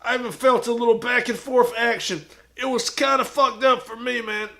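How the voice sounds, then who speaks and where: Guy putting on a super high gravelly wrestler voice, crude and braggy, bright and sharp. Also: fairly even intonation, moderate pace, exaggerated voice. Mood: swaggering bravado. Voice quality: gravelly, shouty bravado. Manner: crude, swaggering, talks of himself in third person. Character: boastful washed-up male pro wrestler. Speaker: streamer in character. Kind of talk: improvised comedy stream.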